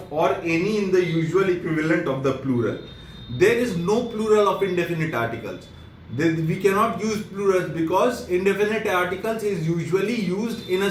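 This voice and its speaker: A high-voiced man with an Indian English accent teaches grammar, going over each point twice in slow, plain words. He sounds far from the mic in an echoey room, with a faint hiss of noise behind him. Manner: repeats and rephrases each point slowly. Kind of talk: classroom grammar lesson.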